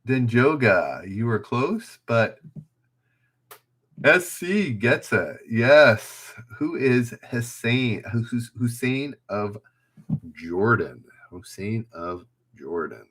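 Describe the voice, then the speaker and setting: Husky and fairly bright, this mid-range male voice is animated yet very slow. As host of a casual live trivia stream, he reads questions out, calls on players, and jokes at himself in a chatty manner.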